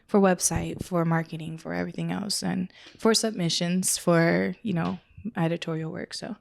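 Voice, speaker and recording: A wedding photographer appears as a guest in her own studio for a casual interview, chatting with emotion and acting out the voices she quotes. Her voice sits on the low side with a steady tone and darkish, creaky quality, and she speaks at a normal speed.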